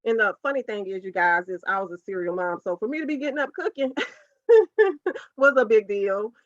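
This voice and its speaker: A woman's voice: mid-range voice, animated, fast, fairly bright tone, no room sound. A woman, a podcast guest telling a personal story as a heartfelt, earnest faith testimony. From United States, South Carolina. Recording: dull, dry lo-fi podcast audio.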